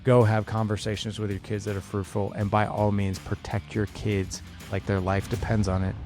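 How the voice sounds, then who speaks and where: A man's voice: fairly low pitch, completely flat delivery, normal speed, a little mellow, soft background music. A man in his fifties hosting a solo podcast, speaking with urgency and passion and repeating key points for emphasis. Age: 50s. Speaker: podcast host.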